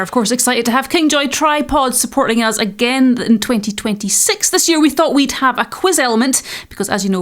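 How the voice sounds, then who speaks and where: A woman hosting a photography podcast. She teases her co-hosts and briskly moves the show along. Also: fairly high pitch. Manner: brisk, teasing, steers the show. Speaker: podcast host. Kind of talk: casual podcast chat and sponsor read.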